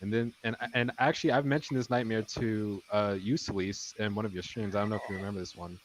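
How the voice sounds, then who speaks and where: A man's voice: lowish voice, fairly even intonation, fast talker, a little hiss or hum, low-quality recording. A man telling a story in casual chat, rambling with many restarts. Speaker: podcast guest.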